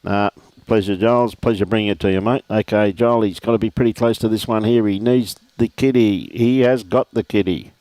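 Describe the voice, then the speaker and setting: Steady in tone, slightly fast and with hardly any pauses, a middle-aged Australian with a lowish, darkish voice commentates lawn bowls live. There's no room sound, and his matey chatter includes shout-outs to viewers by name.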